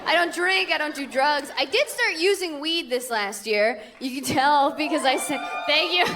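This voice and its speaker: A woman's voice: sits high, moderate pace. Dry self-deprecating woman comic on stage. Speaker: stand-up comedian. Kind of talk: stand-up comedy set. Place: comedy venue with live audience. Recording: live stage recording, crowd laughter. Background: audience laughter.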